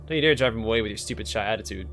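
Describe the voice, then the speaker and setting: A man's voice: on the low side, very fast, a bit bright, a little hiss or hum. A man voicing a crude, screechy talking organ that taunts its shy host in a game. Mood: taunting. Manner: lewd, taunting.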